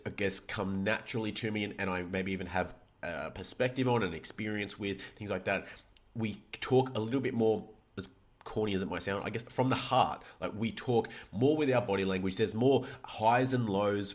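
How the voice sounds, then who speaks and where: Male podcast host, fairly low voice, candid unscripted monologue with casual cursing and self-corrections. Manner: candid, casual, swears, restarts mid-sentence. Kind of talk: solo motivational podcast monologue.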